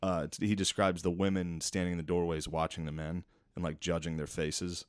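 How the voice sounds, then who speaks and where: Deep dude rambling on a podcast, chill and sweary, dry mic. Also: male voice, flat delivery, brisk, clear, resonant tone, no room sound. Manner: laid-back, swearing, rambling stories with silly put-on voices. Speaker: podcast co-host. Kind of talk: casual podcast chat.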